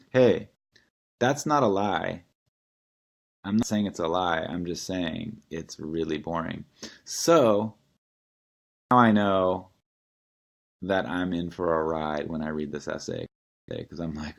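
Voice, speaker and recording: A male teacher giving a casual, wry recorded lecture, critiquing a student essay, often clearing his throat. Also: low-pitched, slow, long pauses.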